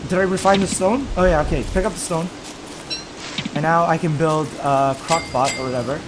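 A young man giving casual commentary on his own gameplay, talking to himself and bursting into loud, exasperated yelps. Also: fairly high pitch, fairly quick, background noise. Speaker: let's play gamer.

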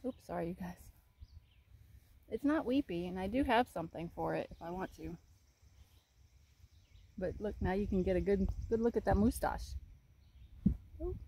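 A woman's voice: medium pitch, slight background noise. Chatty woman outdoors with her horse. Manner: chatty, soft-spoken, fond baby talk to the horse. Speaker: horse owner vlogger. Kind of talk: casual vlog talk to camera. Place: outdoors in a rural paddock. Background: birds and outdoor ambience.

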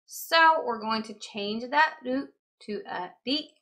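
A woman teaching a beginner language lesson in a chatty manner, explaining grammar with examples and repeating words slowly. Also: on the high side, sharp tone.

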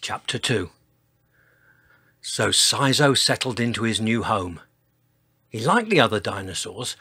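A man reading a children's picture book aloud at an unhurried pace. His husky, breathy voice rises and falls expressively, leaning into dramatic sound words. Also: medium pitch, a bit bright. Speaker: storyteller.

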